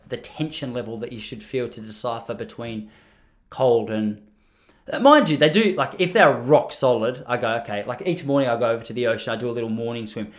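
A man riffing in a loose comedic monologue. He rambles with a self-deprecating tone, often trailing off and starting sentences again. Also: medium pitch.

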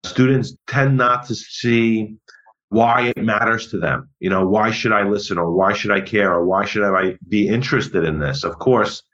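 Middle-aged man, low voice, history teacher guest, thoughtful, measured, dull lo-fi recording. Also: fairly bright tone. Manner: measured, thoughtful, repeats words as he goes. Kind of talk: conversational interview. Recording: dull lo-fi audio.

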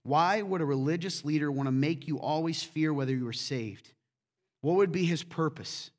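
Animated male pastor preaching. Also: a little high, normal speed. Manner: conversational, asks the congregation questions often; swings from loud emphatic to quiet asides. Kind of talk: sermon.

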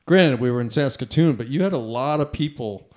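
A man's voice: medium pitch, animated, fairly quick, darkish tone. A man hosting a podcast in casual conversation, loose and rambling with many restarts.

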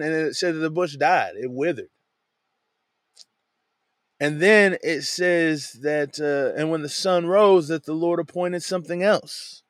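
A man's voice: a little high, no room sound, clean studio sound. A man teaching a Bible passage in a loose, conversational way, often tossing in "man" and "you know what I'm saying". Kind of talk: casual Bible study talk. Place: lives in a van.

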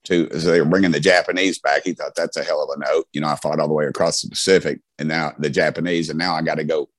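A middle-aged Southern man from Tennessee talks fast in a rumbling low, steady tone on a dry recording. Appearing as an interview guest, he tells casual, folksy stories with plenty of fillers and restarts.

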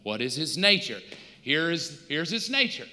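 High, bright-voiced pastor in a reverberant hall. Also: male voice, big pitch swings, normal speed. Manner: conversational storytelling with humor. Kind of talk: sermon.

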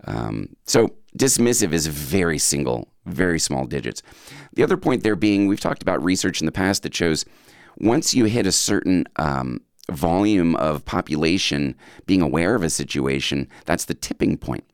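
Very deep, gravelly male radio host. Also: animated, moderate pace, no room sound, studio quality. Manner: conversational, asks listeners rhetorical questions. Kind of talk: casual radio talk with a quiz.

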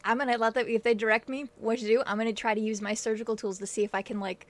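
A woman's voice: a little high, flat delivery, quick pace. A woman playing a tabletop role-playing game, stammering and hesitating as she decides her character's moves. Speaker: player. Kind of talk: casual tabletop play.

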